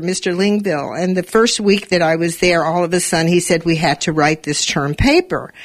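A woman in her eighties hosting a live radio talk show, telling a personal story and lifting her voice when she quotes herself. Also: medium pitch. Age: 80s. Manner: animated, voice rises when quoting herself. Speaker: radio host.

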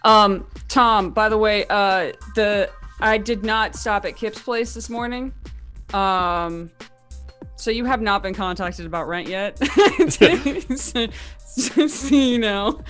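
A woman's voice: medium pitch, slow, fairly bright tone, soft background music. Chatty woman tabletop player. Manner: chatty, hesitant, laughing. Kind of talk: casual tabletop play.

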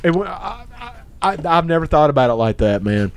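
A man's voice: a little high, sing-song, fairly quick, creaky. A man co-hosting a podcast, telling a story in casual chat, laughing often, swearing and acting out his friends' lines. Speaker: podcast co-host.

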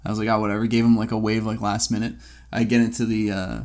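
A young man co-hosting a podcast, telling rambling stories in a relaxed, casual chat. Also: fairly low pitch, fast. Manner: laid-back, rambling anecdotes with fillers. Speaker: podcast co-host.

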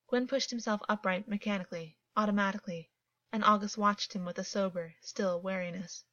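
A woman reading fiction aloud as a narrator, calm and even in her storytelling. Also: mid-range voice, fairly quick, dry recording. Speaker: audiobook narrator. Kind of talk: scripted narration. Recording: dull, dry, lo-fi.

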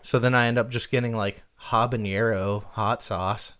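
A man co-hosting a comedy podcast in casual chat, jokey and quick to laugh, with lots of fillers. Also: on the low side, fairly even intonation, fairly bright tone, clean tone. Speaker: podcast co-host.

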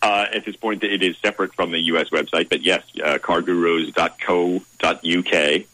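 Very deep-voiced man, measured and formal. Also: fairly even intonation, sharp tone, rough recording. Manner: measured, formal, with frequent "uh" pauses. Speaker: guest, director of content at a car website. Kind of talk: radio interview answers.

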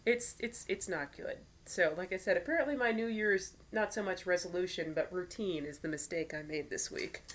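A woman's voice: lowish voice, normal speed, few pauses, a little hiss or hum. Blunt woman with a cold. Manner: blunt, swears casually. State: stuffy from a cold. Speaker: podcast co-host. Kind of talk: casual chat.

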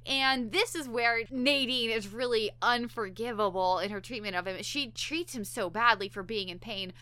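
A woman's voice: fairly high pitch, moderate pace. A woman on a podcast chatting casually as she recaps an episode, acting out characters' lines as she goes. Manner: animated, acts out characters' lines in quotes. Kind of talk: casual chat.

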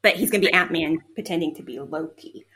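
A woman on a podcast panel in a casual chat, playful and deadpan. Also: low-pitched, fast, slightly rough.

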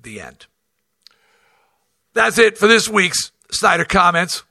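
A middle-aged man hosting his own show, telling a road story in a blunt, profane, animated way. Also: high voice, slow pace, gravelly, no echo, studio quality. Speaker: host. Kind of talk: storytelling monologue.

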